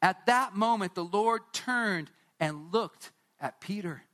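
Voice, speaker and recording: A pastor with a fairly high voice, preaching and retelling a story with drama and emphasis. He speaks straight to his congregation, drawing them into the scene. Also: animated, slow pace, bright, forceful tone. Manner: storytelling, dramatic, direct to listeners. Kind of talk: sermon.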